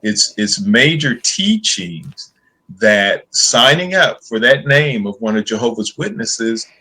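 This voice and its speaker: A man with a husky but bright, tense voice, speaking at a recorded formal hearing. He is an earnest church elder who stalls and repeats his words as he makes his point. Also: medium pitch, sing-song, slow pace, poor audio.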